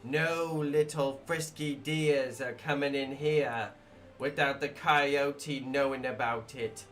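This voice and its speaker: A man voicing a solemn male nature documentary narrator, in slow, drawn-out delivery. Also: mid-range voice, steady tone, fairly bright tone, soft background music.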